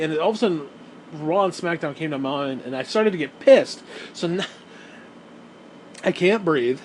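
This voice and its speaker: A man's voice: a little high, animated, moderate pace, pauses often, darkish tone, slight background noise, poor audio. A man telling a rambling story in a casual rant to his viewers, repeating himself, swearing and laughing now and then. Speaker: gaming and wrestling video host.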